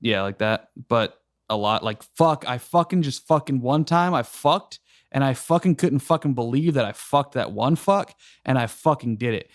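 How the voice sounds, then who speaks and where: A young man in his twenties co-hosting a casual podcast, animated, often laughing and swearing. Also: mid-range voice, moderate pace, dry recording, studio quality. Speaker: podcast co-host and editor. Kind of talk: casual chat.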